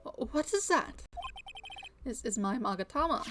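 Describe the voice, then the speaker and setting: A woman's voice: a little high, lively intonation, a little slow. A woman voicing an earnest young male defense lawyer, reading game lines aloud over game music. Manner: earnest, accusing.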